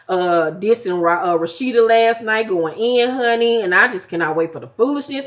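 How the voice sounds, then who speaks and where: A woman giving a casual, profane episode review, acting out the cast's lines in animated bursts. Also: mid-range voice. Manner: animated, profane, acts out quotes. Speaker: reality TV recap vlogger. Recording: dull lo-fi home recording.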